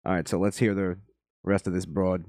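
A man casually commenting as he reacts to a video, with a rambling, halting, profane way of talking. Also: sits low, level tone, a little mellow, no echo.

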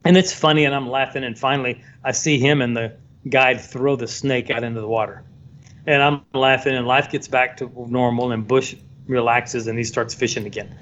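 Man, photographer, casual anecdote, animated, acts out voices, dull lo-fi sound, faint noise. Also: mid-range voice, moderate pace. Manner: animated storyteller, mimics voices in quotes. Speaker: photographer guest.

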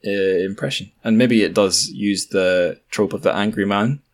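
A man's voice: on the low side, normal speed. A Scottish man co-hosting a podcast, chatting casually with joking asides. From Scotland. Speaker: podcast co-host. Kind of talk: casual chat.

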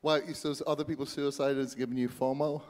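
A man chatting on a comedy podcast, tossing out quick teasing jokes and laughing often. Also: mid-range voice, little pitch movement, a little mellow. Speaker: podcast co-host. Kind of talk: casual comedic podcast chat. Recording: long hall reverb.

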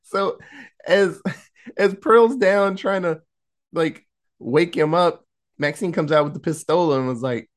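Male podcast host, chatty and animated, fairly high pitch, swears freely while retelling a horror plot. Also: a little slow, pauses often. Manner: animated storytelling, acting out quotes, laughing, profane. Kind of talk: casual chat.

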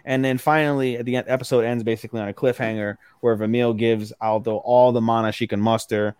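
A man's voice: medium pitch, fairly even intonation, fast, darkish tone, clear, resonant tone, no room sound. A man co-hosting an anime podcast, recapping episodes in casual, rambling, profane chat. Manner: rambling, profane, acts out characters' lines mid-recap. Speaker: podcast co-host.

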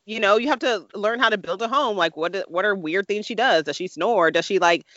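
A young woman co-hosting a podcast in casual chat, animated and playful, laughing often and acting out quoted remarks. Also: mid-range voice, a little fast, no echo, dull audio. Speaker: podcast co-host.

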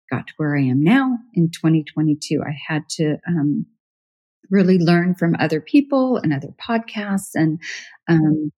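A middle-aged woman with a lowish voice talks through her story in a relaxed interview. She is chatty and animated, slipping into the voices of people she quotes and laughing as she goes. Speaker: professional organizer, podcast guest.

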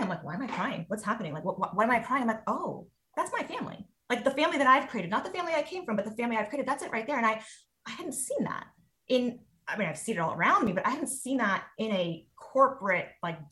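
A woman in her forties, a guest in a casual conversation, talking in an animated way and acting out her own reactions. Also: mid-range voice. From United States. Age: 40s.

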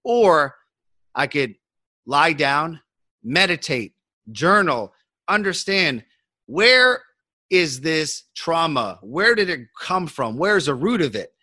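Forceful, emphatic man on a podcast. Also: fairly high pitch, big pitch swings, slow, no room sound. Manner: emphatic, acts out his inner thoughts. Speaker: interview guest, health coach. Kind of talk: podcast interview.

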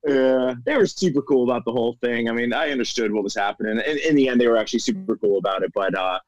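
A man's voice: medium pitch, quick pace, highs cut off. A firefighter and comedian from Florida, talking as a podcast guest. He tells stories loosely and laughs through them. The sound is dry, with no room echo. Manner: laughing, storytelling. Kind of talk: casual interview chat.

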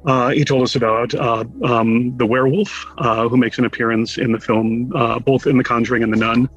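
Husky-voiced man telling a story. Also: mid-range voice, brisk, highs cut off. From Connecticut, USA. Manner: animated storyteller who acts out quotes with wry humor. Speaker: interview guest. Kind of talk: casual anecdotal storytelling.

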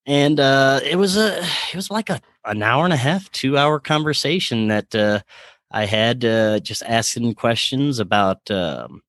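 A man earnestly recounting a personal spiritual experience in conversation, halting and searching for words. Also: medium pitch, expressive, a bit bright, no room sound.

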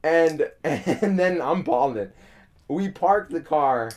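A man's voice: fairly high pitch, lively intonation, slow pace, darkish tone. A young man casually telling a long story, rambling with repeated words, frequent swearing and laughter. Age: young adult.

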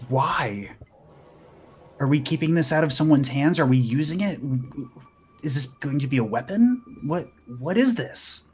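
A man's voice: a little high, lively intonation, a little slow, a little mellow, a little hiss or hum. A man playing a tired rogue spy in a tabletop game, pressing for answers in a weary, pleading way. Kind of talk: tabletop role-play.

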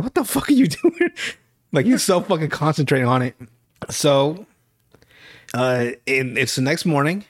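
A man hosting a podcast, casually recapping a show in a profane, rambling storytelling way. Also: mid-range voice. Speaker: podcast host.

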